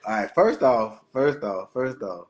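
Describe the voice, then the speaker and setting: A man's voice: fairly low pitch, a little slow. A man co-hosting a podcast, talking in a laid-back, slangy way and often repeating himself. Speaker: podcast co-host. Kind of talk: casual chat.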